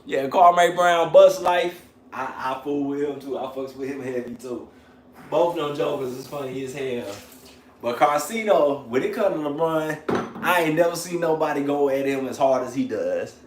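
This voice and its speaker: A man hosting a livestream in casual chat, animated, slangy and profane, laughing often. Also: a little high, moderate pace, roomy sound, a little hiss or hum. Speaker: channel host on a livestream.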